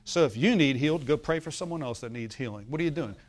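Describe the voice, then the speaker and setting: A man's voice: fairly high pitch, expressive, fast talker. A male pastor preaching a sermon, telling a story and often asking the congregation for an amen, with a laugh now and then.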